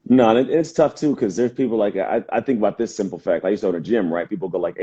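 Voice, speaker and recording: A man's voice: on the low side, slightly rough. A man, a motivational speaker, talking energetically in a casual live video chat, acting out quotes as he tells stories. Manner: energetic, fast storytelling with acted quotes. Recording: muffled lo-fi livestream audio.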